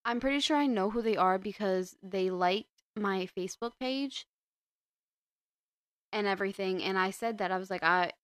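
Woman, podcast host, young adult, rambling casual chat, smooth clear voice, dry close sound. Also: medium pitch, moderate pace, no room sound. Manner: chatty and rambling, with many restarts.

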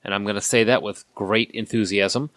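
Low-voiced jokey podcast host. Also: male voice, fairly even intonation, normal speed, a bit bright, dry recording. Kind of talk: casual podcast chat.

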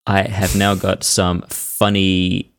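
A man's voice: deep voice, monotone, slow pace, slight background noise. A man co-hosting a podcast in casual chat, telling stories and reading quotes aloud with bursts of laughter. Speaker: podcast co-host.

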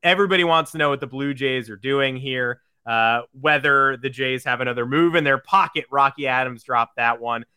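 A man's voice: mid-range voice, moderate pace, hardly any pauses, pushed and bright, clear, resonant tone, no room sound, clean studio sound. A man co-hosting a sports podcast in upbeat casual talk, reading out listener questions. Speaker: podcast co-host.

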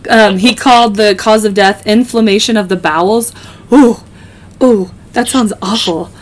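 A woman's voice: mid-range voice, normal speed. A woman hosting a podcast, casually narrating a true-crime case with joking asides and many ums. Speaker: podcast host.

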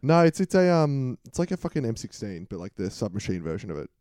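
A man's voice: fairly low pitch, sing-song, quick pace, dark tone, no echo, studio quality. An Australian man co-hosting a podcast, chatting casually about games and swearing freely. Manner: swears constantly, laid-back. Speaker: podcast co-host. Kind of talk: casual gaming chat.

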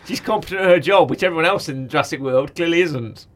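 A man with a slightly high, somewhat bright voice talks fast as a podcast co-host chatting casually about a cartoon series. He rambles, corrects himself and laughs often.

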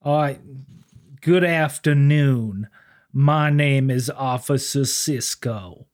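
Man putting on a genteel, very formal cop, slow and courteous. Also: medium pitch. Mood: polite. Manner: formal, old-fashioned, slow and deliberate. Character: overly polite genteel male police officer.

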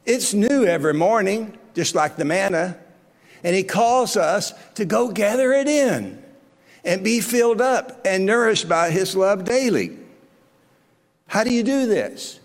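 A man preaching in an earnest sermon, asking his congregation question after question. His voice sits high and swings widely in pitch. Long reverb trails each phrase as if in a large hall. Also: lively intonation, unhurried. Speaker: pastor.

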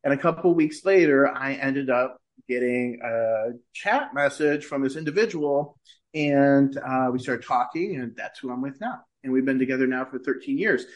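A middle-aged man, a podcast guest, telling a personal story in casual conversation and lifting his voice when he quotes himself. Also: moderate pace. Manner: animated, shifts pitch when quoting himself.

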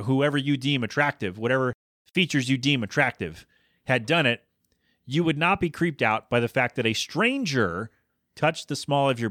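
A man hosting his own podcast, talking casually with plenty of fillers and self-corrections. He rants in exasperation, and his mid-pitched voice climbs when he gets worked up. The sound is dry and close, with no room echo. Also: sharp tone. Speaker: podcast host. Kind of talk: casual solo podcast commentary.

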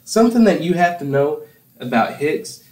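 A man's voice: a little high, animated, moderate pace, a little mellow. A young man from Campbell County, Tennessee, hosting a casual podcast, telling rambling anecdotes and laughing often. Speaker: podcast host. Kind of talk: casual chat, storytelling. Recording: echoey room.

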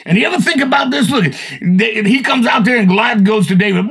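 An older man telling Bible stories in a folksy, animated, casual chat as a podcast co-host. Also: very high-pitched, fairly quick, few pauses, husky. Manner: folksy, animated, acts out voices.

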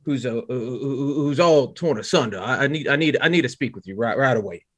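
A man's voice: mid-range voice, fairly quick, lightly acted. A man doing a hot-tempered Southern father. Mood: agitated. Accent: Southern US put-on. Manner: stammering, folksy old-West drawl. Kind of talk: tabletop role-play.

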